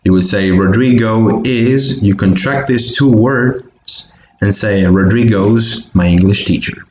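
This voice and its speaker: Man, English teacher, from Bolivia, lowish voice, very slow deliberate pace, careful pronunciation drills, echoey room, faint typing. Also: darkish tone, muffled recording, a little hiss or hum. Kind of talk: recorded online English lesson.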